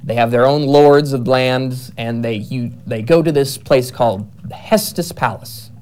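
A man's voice: mid-range voice, unhurried, hardly any pauses, darkish tone, a little hiss or hum. A man in casual conversation, describing the plot of his novel in a rambling way, with many fillers and self-corrections. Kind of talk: casual chat.

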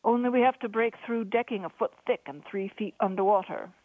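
A woman's voice: medium pitch, brisk, no room sound, close to an everyday voice. A woman voicing a sombre, practical male ship's carpenter explaining a hard job. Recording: dry, phone-like narrow sound.

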